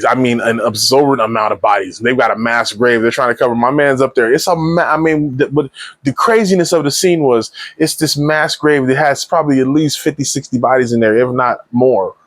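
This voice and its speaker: A man giving a casual spoiler movie review, retelling scenes in a rambling, animated way full of slang and restarts. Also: mid-range voice, no room sound.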